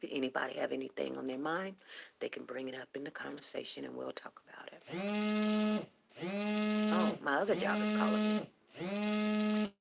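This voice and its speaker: Gravelly-voiced chatty woman in her fifties. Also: fairly low pitch, flat delivery, normal speed, pauses often. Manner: rambling, chatty storytelling. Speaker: morning talk show host. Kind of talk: casual chat on a livestream.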